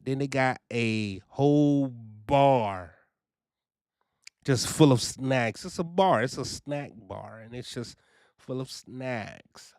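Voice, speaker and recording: Chatty man with a smooth voice. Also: medium pitch, takes it slowly, no room sound, studio quality. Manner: animated, chatty, repeats "you know" and "man". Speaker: trucking vlogger. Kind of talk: casual first-person review.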